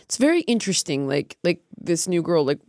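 In clean studio sound with no room noise, a middle-aged woman with a lowish voice talks fairly quickly while hosting her podcast. The chat is candid and casual; she's animated, swears freely, and mimics herself and others in lively put-on voices as she retells conversations.

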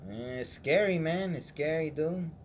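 A man's voice: on the high side, measured pace, a little hiss or hum. A young man telling a long story in casual chat with friends, repeating phrases and dropping in Spanish words. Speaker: podcast co-host.

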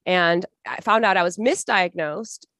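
A woman's voice: lowish voice, measured pace, fairly bright tone, no room sound. Earnest emotional woman, dry close sound. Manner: earnest, emotional, rambling with many restarts. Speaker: podcast guest. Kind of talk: casual storytelling interview.

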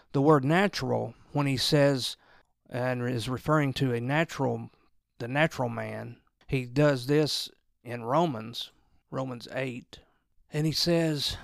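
A man with a gravelly, creaky voice delivers an informal Bible teaching. He talks in a loose, conversational way, backing up and repeating words as he works through each point. The recording is dry and close, with no room sound. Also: medium pitch, no echo. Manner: conversational, repeats and restarts words while explaining.

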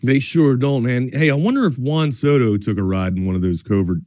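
A man co-hosting a sports talk show, loose and excitable, cursing casually. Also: mid-range voice, a little fast, dry recording.

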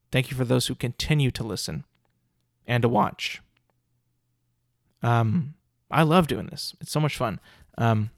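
A man's voice: mid-range voice, gravelly, no echo, clean studio sound. Exasperated ranting male podcast host. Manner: exasperated, ranting, many fillers and restarts. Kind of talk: solo podcast rant.

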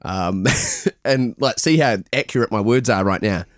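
A man co-hosting a podcast, excitable and giggly. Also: fairly low pitch, a little slow, dry recording, studio quality. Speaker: podcast co-host. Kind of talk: casual podcast chat.

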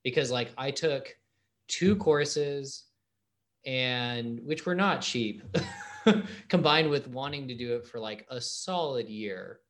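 Upbeat podcast host, mid-pitched voice. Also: male voice, lively intonation, fairly bright tone. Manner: upbeat, quick to react with slang like "sick". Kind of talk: casual interview chat.

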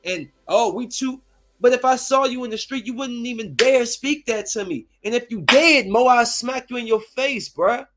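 A man's voice: extremely high pitch, normal speed, hardly any pauses, fairly bright tone, soft background music. A man in his thirties, a streamer, delivering a heated, profane, confrontational rant to his viewers. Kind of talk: angry rant to camera.

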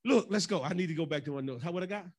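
A man's voice: a little high, racing, slightly rough. A man preaching as pastor in a loose, joking way, slipping into the voices of church folk. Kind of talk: conversational sermon.

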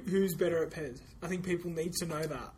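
A man co-hosting a gaming podcast, playfully competitive and quick to laugh. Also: a little high, a crowd in the background. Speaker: podcast co-host. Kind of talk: casual chat.

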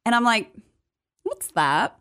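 A young adult woman co-hosting a podcast, telling a story in casual chat with animated delivery. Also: a little high, slow pace, clean tone. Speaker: podcast co-host.

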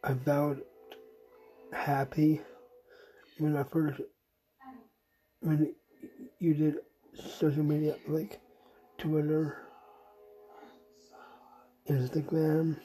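A podcast host talks slowly in an earnest, deliberately sad voice, stumbling and repeating words as they go. The tone stays mellow and flat, with little rise or fall. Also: medium pitch, low-quality recording. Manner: halting and repetitive, restarting phrases. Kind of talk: personal spoken message to a friend.

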